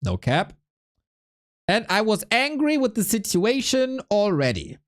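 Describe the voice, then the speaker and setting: A woman's voice: mid-range voice, sing-song, measured pace. A woman casting a game stream, chatting casually in a laid-back, self-mocking way and laughing often. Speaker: esports caster.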